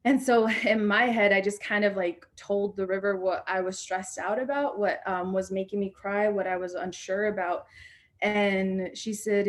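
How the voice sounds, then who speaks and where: A woman's voice: mid-range voice, steady tone, normal speed. A young adult woman on a video call, telling a personal story in a reflective way with many fillers and restarts. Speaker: panel speaker.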